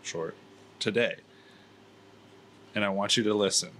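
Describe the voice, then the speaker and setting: A man co-hosting a casual chat, talking in a halting way with many fillers. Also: lowish voice, sharp tone, a little hiss or hum. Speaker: podcast co-host.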